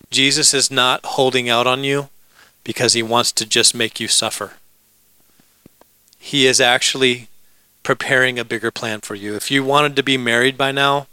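A man's voice: mid-range voice, bright, forceful tone, clear, resonant tone, no room sound, poor audio. A man preaching a sermon in a conversational way, with jokes and asides to the congregation. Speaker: pastor.

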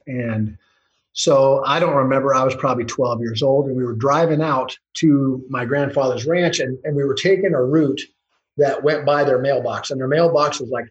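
The coach's medium-pitched voice rambles through casual anecdotes, restarting frequently and laughing lightly as he goes. It's a storytelling interview recorded in an echoey room with dull audio.

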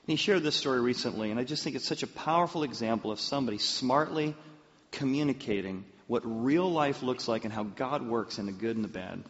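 Pastor guy telling a story, muffled sound, long hall echo. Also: mid-range voice. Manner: animated, personal storytelling. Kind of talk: sermon storytelling.

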